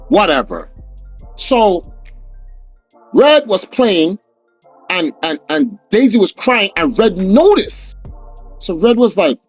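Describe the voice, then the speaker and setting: Lively high-voiced man telling a wild story. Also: slow pace, pauses often, faint music behind. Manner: animated, swearing, acts out quoted voices. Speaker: podcast guest telling a story. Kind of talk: casual storytelling chat.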